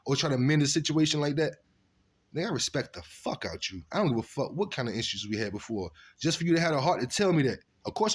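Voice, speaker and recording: Husky-voiced man telling street stories. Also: medium pitch. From Virginia. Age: adult. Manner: animated, profane street storytelling with acted-out quotes. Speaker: storyteller recounting his past. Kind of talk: casual storytelling monologue.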